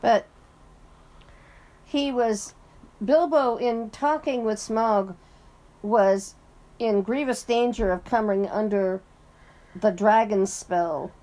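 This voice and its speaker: Slow-talking woman with a higher voice. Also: mellow. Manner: unhurried, thinks aloud with pauses and fillers. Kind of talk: casual book discussion.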